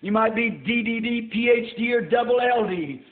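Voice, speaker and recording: An older man preaching a sermon in a church, folksy and rising to shouts. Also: very high-pitched, moderate pace, hardly any pauses. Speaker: pastor. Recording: tinny roomy old sermon tape.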